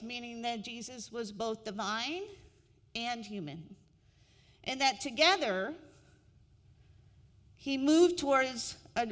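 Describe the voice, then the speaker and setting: A middle-aged woman minister giving a sermon in a slow, reflective way, repeating key phrases. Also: fairly high pitch, a bit bright. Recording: long hall reverb.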